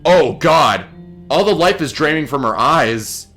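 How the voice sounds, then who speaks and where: Over game music, this let's play gamer speaks in a higher, fairly bright register at a measured, animated pace. He's flustered during his gameplay commentary and swears heavily as he addresses viewers.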